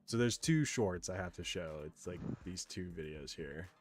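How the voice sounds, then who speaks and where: This young male streamer rants through a live stream, rambling, frustrated, and full of fillers. His voice sits low and moves at a moderate pace, with soft music playing behind him.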